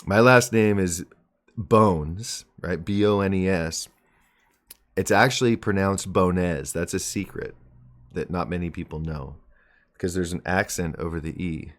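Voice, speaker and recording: A man in his forties hosting a live mindset stream, explaining ideas in plain terms with a relaxed, joking manner. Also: low voice, measured pace. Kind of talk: live stream talk and teaching.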